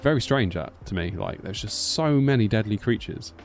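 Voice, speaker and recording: A man's voice: fairly low pitch, expressive, normal speed, soft background music. A British man in his thirties chatting casually to a live-stream audience, rambling with lots of filler like "sort of". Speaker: flight sim streamer.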